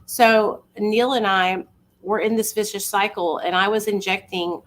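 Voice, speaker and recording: A woman's voice: mid-range voice, fairly even intonation, measured pace, fairly bright tone. Chatty woman telling her story. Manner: chatty, confiding, talks straight to viewers. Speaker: vlogger. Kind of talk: casual storytelling to viewers.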